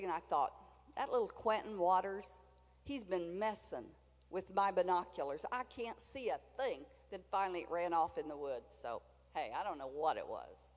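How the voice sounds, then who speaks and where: A woman's voice: medium pitch, a little mellow, in a large hall. An older woman preaching a sermon in a chatty, folksy way, with asides to the congregation.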